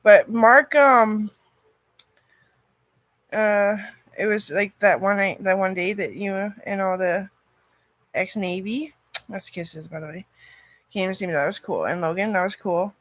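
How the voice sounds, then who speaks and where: A woman's voice: medium pitch, unhurried, pauses often, no echo. Rambling, cursing woman, dry sound. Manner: rambling, profane, loudness swinging between loud and very soft. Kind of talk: rambling personal monologue.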